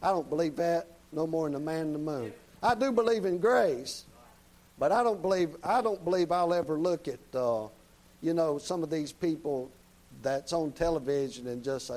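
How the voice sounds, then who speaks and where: A man preaching a sermon in a folksy, plain-spoken way, often checking in with the congregation with quick tag questions. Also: on the high side, expressive, darkish tone, poor audio.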